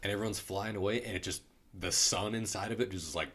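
A man's voice: on the low side, fast, a bit bright. A man chatting casually about a movie he liked, swearing freely and acting out quotes. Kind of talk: casual movie review chat.

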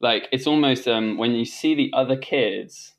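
A middle-aged man, speaking at medium pitch and normal speed, is a talk show guest recounting a personal story. He rambles conversationally, restarting frequently, dropping fillers, and laughing while he tells it.

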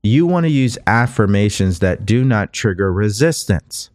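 A man with a fairly low voice speaks as a motivational coach on his own show. He talks in an earnest, conversational way, often circling back and restarting phrases to press his point. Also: lively intonation, moderate pace, a little mellow. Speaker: podcast host and coach. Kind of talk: motivational monologue.

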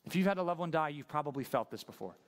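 A man preaching a sermon as pastor, talking conversationally and asking the congregation questions, dropping to a hushed voice at sad moments. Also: on the high side, expressive, racing.

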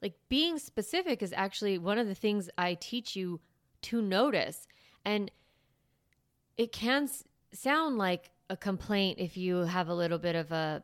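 An expressive woman with a mid-range voice hosts a parenting podcast, giving relaxed advice at an unhurried pace. Fillers and restarts pepper her chatty delivery, captured as a dry, clean studio recording.

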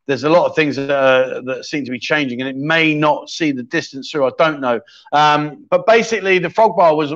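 A man's voice: on the high side, a bit bright. Chatty man hosting a livestream. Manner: chatty, jokey, thinks aloud while scrolling comments. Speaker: livestream chat show host. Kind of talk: casual livestream chat reading comments. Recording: slightly dull lo-fi sound.

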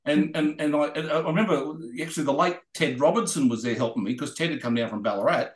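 An Australian man, a guest racer, telling rambling, animated anecdotes in a podcast interview. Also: a little high, fast talker, reverberant. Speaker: guest racing driver.

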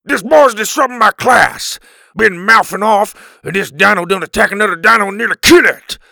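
A man voicing a filthy, hot-tempered older male caveman teacher who talks in gruff, broken grammar. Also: high-pitched, moderate pace, bright, forceful tone, no echo, clean studio sound, voice pushed up, exaggerated voice. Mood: angry.

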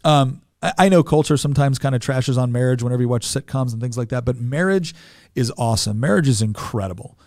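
A man's voice: mid-range voice, fast talker, a little mellow, no room sound, clean studio sound. A man in his forties, a podcast guest, telling a personal story in an earnest way, often repeating words as he goes.

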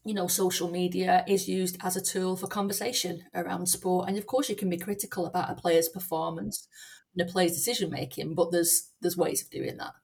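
A woman academic speaking as a guest on a podcast interview, thoughtful and measured, with frequent fillers and restarts. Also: on the low side, little pitch movement, gravelly, a little mellow, slightly rough.

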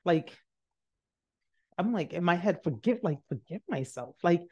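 A woman hosting a podcast, telling a motivational personal story and acting out the voices in it, jumping high for quotes and dropping to a hush for asides. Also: unhurried, husky, muffled recording. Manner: animated, acts out quotes with big pitch jumps and hushed asides. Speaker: podcast host.

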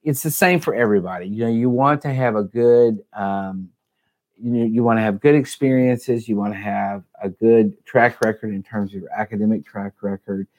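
Low-voiced man explaining step by step. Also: normal speed, darkish tone. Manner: explains step by step, rephrasing as he goes. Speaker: guest admissions advisor. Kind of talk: casual advice talk.

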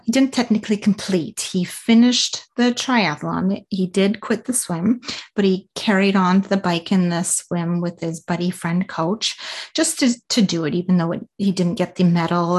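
A woman's voice: mid-range voice, a little mellow. A woman telling a story in a loose, chatty way. She often stops to restart a thought and fills the gaps with small fillers. She also breaks off to give listeners direct, practical advice. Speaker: triathlete recounting a race. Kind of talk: casual spoken storytelling.

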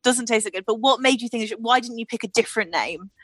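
Female podcast co-host, higher voice, teasing interviewer, dry close sound. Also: fast, fairly bright tone, dry recording. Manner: teasing, playful questioner. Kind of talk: casual chat.

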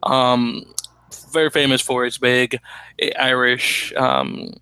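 Bright-voiced man in casual chat. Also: mid-range voice, little pitch movement, clear, resonant tone, no echo. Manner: rambling, halting with fillers and restarts. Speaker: podcast co-host. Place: New York.

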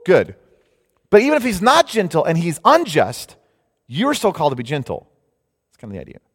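A man preaching a sermon in an animated, conversational way, sometimes mocking the voices of others. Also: high-pitched. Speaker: pastor. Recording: long hall reverb.

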